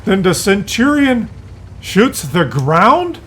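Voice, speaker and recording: Exasperated, high-pitched male game commentator. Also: takes it slowly, slightly rough. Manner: exasperated, incredulous, animated. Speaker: gameplay commentator. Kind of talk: replay commentary.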